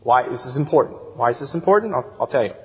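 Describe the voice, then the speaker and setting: A man in his thirties preaching a sermon as youth director, telling stories with animated, acted-out voices, heard in a church sanctuary. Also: medium pitch, fast. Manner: animated storytelling, acts out excited voices. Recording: dull sound with long church reverb.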